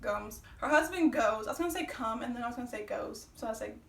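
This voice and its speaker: A young woman telling a personal story on her vlog, animated and profane, acting out the quotes. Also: a little high, fast, creaky, reverberant, recorded from a distance, noisy background. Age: young adult. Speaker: vlogger.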